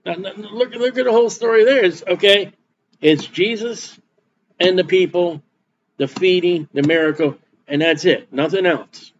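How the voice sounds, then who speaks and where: Reading Bible passages aloud between folksy, repetitive comments, this pastor speaks at a moderate pace in a high male voice. The audio is dull, with a little hiss or hum underneath.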